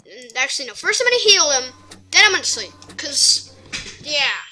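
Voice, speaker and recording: A woman narrates her gameplay in a high, piercingly bright voice. She is excitable and chatty, muttering to herself between moves. It is casual let's play commentary from a gaming channel host. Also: moderate pace, slight background noise, rough recording.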